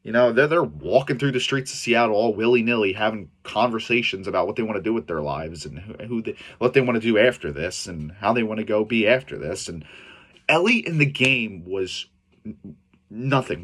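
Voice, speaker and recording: A man's voice: fairly low pitch, expressive, moderate pace, fairly bright tone. A young man giving a casual video review, talking bluntly with swearing and frequent stumbles and restarts. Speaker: show reviewer.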